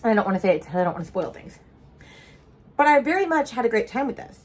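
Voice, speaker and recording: A young woman casually vlogs about the book she's reading, chatty and animated, tossing in mock-outraged asides and some offhand swearing. Her pitch runs fairly high and she talks quickly.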